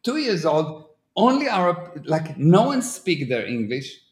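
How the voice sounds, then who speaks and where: A man speaking with an Israeli accent talks earnestly on a casual podcast, illustrating his ideas with everyday examples despite non-native grammar. His voice sits on the high side, sing-song and a little slow, with a roomy echo around it.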